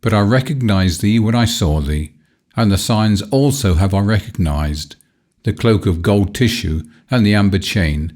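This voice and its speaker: A man's voice: lowish voice, lively intonation, unhurried, darkish tone. A man voicing a ragged beggar woman who pleads with her lost son in archaic speech in a storybook reading. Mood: pleading.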